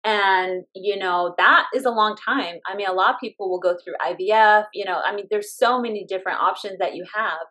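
A woman in her thirties, a guest telling her family story in a lively way, laughing often and acting out what others said. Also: mid-range voice, brisk, few pauses. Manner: animated, laughing often, acts out quotes. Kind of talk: casual storytelling interview.

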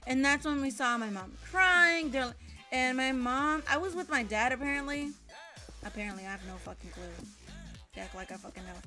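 High, bright young woman, swearing storyteller. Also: moderate pace, faint music behind. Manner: rambling, swears a lot, many fillers. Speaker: storytime vlogger. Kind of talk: casual storytime chat.

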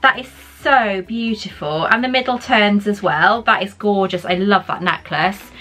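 A woman's voice: medium pitch, moderate pace, sharp tone, faint music behind. A woman vlogger unboxing gifts in casual chat, gushing and emotional, often exclaiming with delight.

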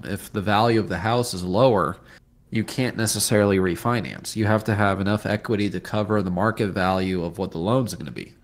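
Low-voiced, laid-back male co-host. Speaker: podcast co-host. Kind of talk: casual finance podcast chat.

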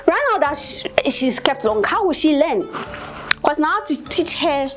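A woman's voice: sits high, very animated, normal speed, faint music behind. A woman with a Ghanaian accent playing a bossy, gossipy office worker who rants and repeats herself in indignation. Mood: indignant. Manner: indignant, repetitive ranting. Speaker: office colleague. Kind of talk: comic web-series acting.

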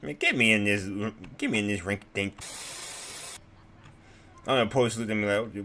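A man's voice: fairly low pitch, a little fast, sharp tone, a little hiss or hum. A young man playing a game and giving loose, rowdy commentary full of slang and laughter. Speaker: gaming streamer. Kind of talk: casual gameplay commentary.

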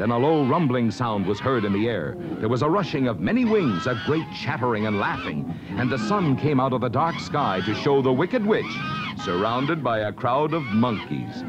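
Dramatic male storybook narrator. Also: medium pitch. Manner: dramatic, expressive reading. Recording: dull lo-fi vintage record with hiss.

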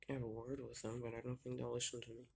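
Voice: medium pitch, level tone, racing, gravelly, darkish tone, husky. A young narrator doing a fed-up male janitor. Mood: exasperated. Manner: stammering, exasperated refusals. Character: weary male janitor, put-upon and blunt. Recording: homemade video voice-over.

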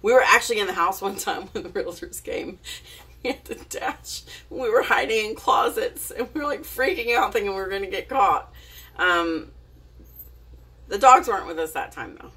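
Giggly, chatty woman with a husky voice. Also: mid-range voice, animated, moderate pace, bright, forceful tone, recorded from a distance. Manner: chatty, giggly, with many fillers and restarts. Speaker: vlogger. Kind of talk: casual storytelling to camera.

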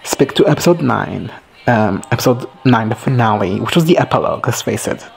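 A man casually recapping a TV episode, rambling, swearing and excitable. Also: medium pitch, brisk, gravelly. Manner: rambling, profane and excitable, often laughing. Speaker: video host reacting to a TV show.

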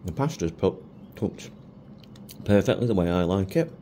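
A man's voice: low-pitched, lively intonation, normal speed, mellow, a little hiss or hum. A middle-aged man reviewing food for his vlog in a chatty, self-mocking way with chuckles. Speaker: food vlogger.

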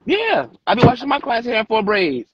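A woman's voice: a little high, huge pitch swings, fairly quick, muffled recording, over a noisy crowd. A woman from Detroit chatting on a phone live stream while driving, brash and profane, teasing the others. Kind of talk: casual chat while driving. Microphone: phone in car.

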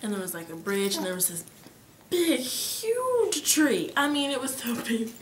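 A teenage girl telling a vivid dream in casual storytelling, her voice dropping to whispers and rising to near-shouts. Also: mid-range voice, animated, fast, a little hiss or hum. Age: teens. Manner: emotional, swings between whispers and near-shouting. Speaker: guest sharing a dream. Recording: echoey room.

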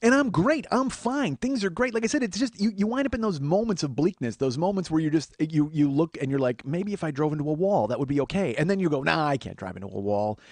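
A man's voice: a little high, expressive, quick pace, few pauses, a little mellow, no room sound. A man in his forties giving a rambling, profane, self-deprecating comic monologue as a podcast host. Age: 40s.

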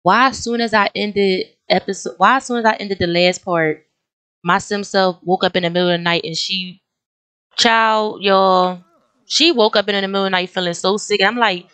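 A young woman hosting a life-sim let's play, talking casually and excitedly straight to her viewers, often breaking into exclamations. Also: medium pitch, moderate pace, clear, resonant tone. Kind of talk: casual gameplay commentary.

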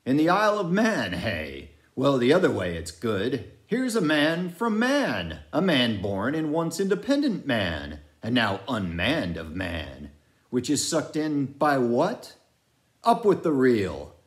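A man's voice: mid-range voice, huge pitch swings, a little slow, pitched above the performer's own voice. A man voicing a superstitious, gloomy old sailor who talks in a wary, muttering way.

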